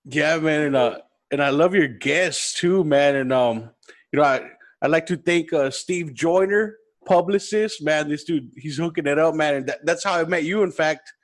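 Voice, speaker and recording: A man's voice: on the high side, normal speed. A man hosting a podcast, chatting casually and enthusiastically with lots of slang and swearing. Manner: laid-back, enthusiastic, profane. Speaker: podcast host.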